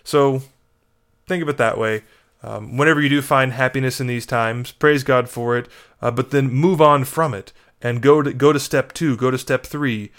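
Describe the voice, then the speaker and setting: Priest guy chatting casually, dry jokey asides, middle pitch, talks like he's just thinking out loud. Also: normal speed. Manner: wry, conversational storytelling. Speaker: Catholic priest. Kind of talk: casual spoken reflection.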